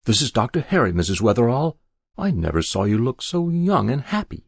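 A man reading the lines of a hearty doctor who speaks in a cheerful, flattering way. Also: medium pitch, fairly quick, vocal fry, slightly rough, full character voice. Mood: jovial.

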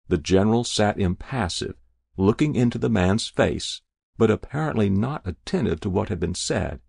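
A man narrating a classic story in a measured, deliberate audiobook reading. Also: on the low side, vocal fry, darkish tone, husky, no room sound, studio quality.

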